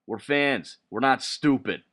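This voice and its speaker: A man hosting his own sports video, ranting in a heated, profane way with sharp outbursts. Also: mid-range voice, unhurried. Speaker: sports vlogger. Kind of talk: solo sports rant to camera.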